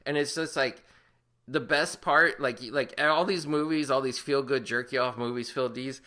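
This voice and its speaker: A man's voice: mid-range voice, fairly even intonation, unhurried, pushed and bright. A man co-hosting a podcast, giving a profane, rambling movie recap and laughing often. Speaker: podcast co-host. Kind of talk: casual movie review chat.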